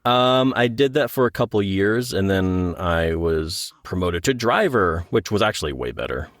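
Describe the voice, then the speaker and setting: Male guest, low register, lively self-mocking humor. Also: normal speed, dry recording, studio quality. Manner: joking, self-deprecating, animated. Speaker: interview guest, audiobook narrator and author. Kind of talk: casual interview chat.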